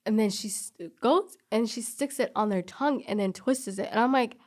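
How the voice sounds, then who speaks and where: A woman's voice: on the high side, normal speed. A woman casually recounting a story, acting out the other people's lines and laughing often. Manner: animated, quotes people in dialogue, laughs often.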